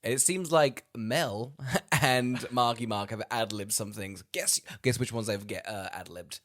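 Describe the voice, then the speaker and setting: A man's voice: medium pitch, unhurried. A man co-hosting a podcast, chatting casually about a film and jumping into exaggerated impressions. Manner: animated, jumps into exaggerated impressions. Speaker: podcast co-host.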